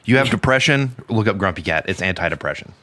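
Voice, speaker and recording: A man's voice: fairly low pitch, animated, fast talker, pushed and bright, no room sound. A man co-hosting a casual podcast, earnest and emphatic, swearing for emphasis. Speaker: podcast co-host.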